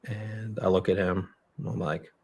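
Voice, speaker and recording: A young man telling a story as a podcast guest, blunt and full of swearing, in a halting way. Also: low voice, level tone, creaky, a little mellow, slightly rough. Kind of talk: storytelling in a conversational interview. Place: podcast studio.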